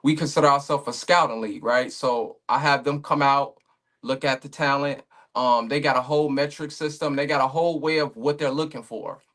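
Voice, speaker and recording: A man's voice: medium pitch, steady tone, a little fast, a bit bright. A man talking casually as a guest on a remote podcast call, laid-back and rambling, with many fillers and restarts. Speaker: league owner guest.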